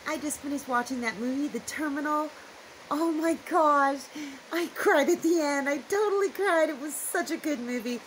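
A woman's voice: high-pitched, normal speed, slight background noise. Chatty woman vlogging from her homestead. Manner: chatty and rambling, thinking aloud. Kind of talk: casual vlog chat to camera. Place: small home at night, later outdoors in the yard.

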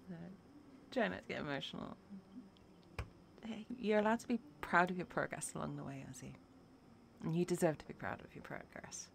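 A woman's voice: on the low side, lively intonation, a little fast, gravelly, a little hiss or hum. A young woman streaming live while she paints, tired and worn out, reading her chat aloud and answering viewers with encouragement. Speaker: livestreamer.

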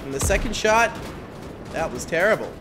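A man giving casual, excitable gameplay commentary on his gaming channel, exclaiming at big moments. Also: high voice, moderate pace. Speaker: gaming YouTuber. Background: faint game gunfire and music.

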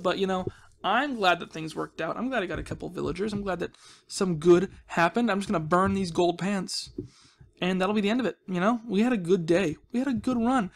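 This high, creaky-voiced man hosts a gaming video of casual Minecraft let's-play commentary. He stays playful, cooing baby-talk at the villagers and making jokey asides, while faint background noise runs underneath.

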